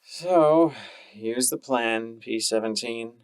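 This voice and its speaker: A man's voice: medium pitch, takes it slowly, clean tone, no echo, close to an everyday voice. A man voicing a callous young mare security guard in an audiobook, offhand and crude.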